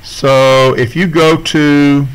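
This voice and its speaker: A man's voice: on the high side, level tone, drawn-out words, clear, resonant tone, rough recording. A man teaching a class video lesson, talking students through each step on screen in a casual, checking-in way.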